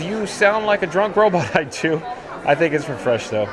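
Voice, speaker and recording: A man's voice: a little high, lively intonation, moderate pace. A man hosting a casual live stream while walking outdoors through a busy theme park, reading viewer comments aloud and thanking them. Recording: outdoor live stream with music and crowd behind. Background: park music and crowd noise.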